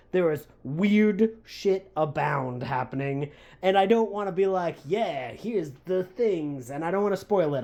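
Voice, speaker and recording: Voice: mid-range voice, a little mellow. A book reviewer chatting casually and enthusiastically, with many fillers, while walking outdoors by the water.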